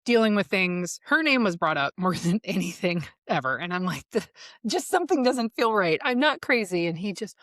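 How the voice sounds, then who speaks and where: A woman's voice: medium pitch, lively intonation, brisk, a bit bright, no room sound, studio quality. Candid, heated woman podcast host. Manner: candid and profane, rising to heated outbursts; laughs often while speaking. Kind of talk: candid solo podcast monologue. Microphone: studio mic.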